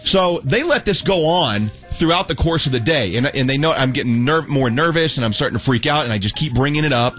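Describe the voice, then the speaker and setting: A young adult man telling a story in casual chat, animated and acting out the quotes, with many restarts. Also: medium pitch, a little fast, hardly any pauses, soft background music. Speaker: storyteller guest.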